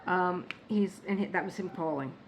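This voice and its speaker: A woman vlogging from her home workspace, telling stories in a chatty, animated way and laughing at her own jokes. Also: on the low side, normal speed, a little hiss or hum, poor audio. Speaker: diamond painting vlogger. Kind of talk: casual storytelling chat.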